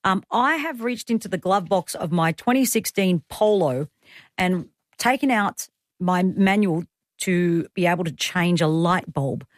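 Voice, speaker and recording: A woman hosting a radio show in a studio, bubbly and quick to laugh, reading passages with playful drama. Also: fairly low pitch, no echo. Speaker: radio host. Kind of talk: lively radio chat. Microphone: studio microphone.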